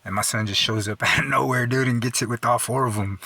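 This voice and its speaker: This middle-aged storyteller host talks in a loose, foul-mouthed way, peppering his casual stories with "dude" and "you know" and laughing softly as he goes. He has a mid-range voice with vocal fry, a steady yet sharp tone, and a brisk delivery. There's no echo in the recording.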